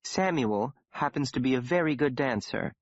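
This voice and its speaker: A man voicing a spirited, sharp-tongued young woman in an audiobook, with an indignant, scornful manner. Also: medium pitch, expressive, normal speed, no room sound, pitched above the performer's own voice, close to an everyday voice. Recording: dull dry audiobook recording.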